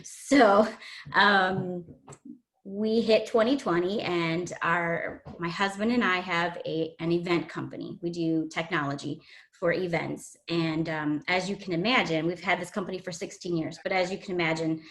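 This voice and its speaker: A woman guest shares a personal testimony in an earnest, emotional way, often pausing with fillers. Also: on the low side, fairly even intonation, a bit bright.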